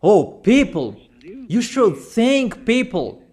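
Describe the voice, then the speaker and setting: Emphatic high-voiced male preacher. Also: sing-song, a little mellow. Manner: emphatic, repetitive, hammering questions at listeners; non-native phrasing, halting with fillers. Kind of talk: sermon.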